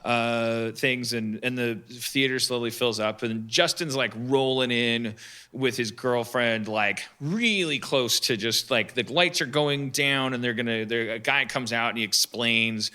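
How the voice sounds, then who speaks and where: A man telling a rambling comic story on a live podcast, halting and restarting often as he goes. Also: mid-range voice, bright, forceful tone, clear, resonant tone.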